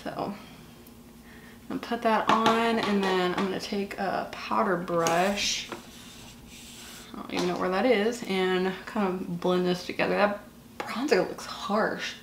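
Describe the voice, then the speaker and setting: Here the beauty vlogger, a woman in her twenties from the US South, talks with a medium pitch and fairly even intonation. She's unhurried and pauses often while gushing casually over her makeup, fillers everywhere. The background is noisy and the room echoes.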